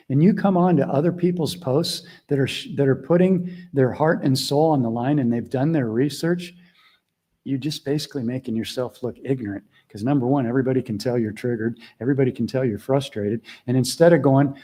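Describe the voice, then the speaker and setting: A middle-aged man leads a group call as a mentor, his mellow, warm voice sitting in an ordinary middle register. He talks earnestly and conversationally, dropping into quiet asides before leaning hard on his key points. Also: mid-range voice, moderate pace, slightly rough. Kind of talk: casual teaching talk.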